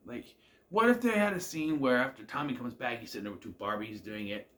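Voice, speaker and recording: A man's voice: medium pitch, fairly quick, a bit bright. A man casually recapping and reviewing a TV episode, musing aloud, questioning the plot and often trailing off with "I don't know.". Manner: laughs at the scenes.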